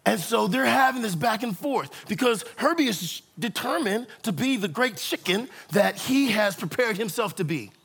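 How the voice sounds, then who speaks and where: A man preaching a sermon who tells a story in an animated way and speaks directly to the congregation. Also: high voice, normal speed, vocal fry, few pauses, breathy edge. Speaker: pastor.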